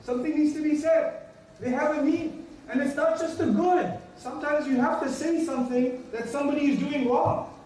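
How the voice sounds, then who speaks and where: A man with a high voice delivers a religious lecture, stressing his points by repeating them and slipping into short acted-out exchanges. He sounds far from the mic, in a very echoey room with a faint hiss behind him. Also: steady tone, moderate pace, a little mellow. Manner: emphatic, repeats key lines, acts out everyday dialogues. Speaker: Islamic teacher.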